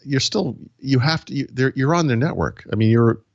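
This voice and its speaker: A man's voice: medium pitch, expressive, fairly quick, vocal fry, no room sound, dull audio. A man co-hosting a casual tech podcast, talking in a rambling way with many false starts and restarts. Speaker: podcast co-host.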